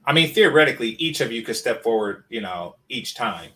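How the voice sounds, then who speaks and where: A man's voice: medium pitch, animated, a little fast, pushed and bright. Blunt, profane man reacting. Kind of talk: reaction commentary.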